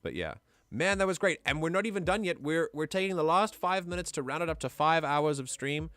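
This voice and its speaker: A man's voice: on the high side, lively intonation, a little fast, fairly bright tone, dry recording. A man streaming, chatting casually and thinking aloud as he plans out a game character. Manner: musing aloud, easygoing. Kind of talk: casual livestream chat.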